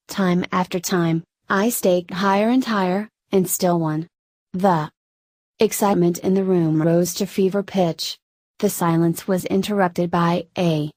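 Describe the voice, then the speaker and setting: A woman narrating a classic story in a steady, measured audiobook reading. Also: fairly low pitch, no room sound.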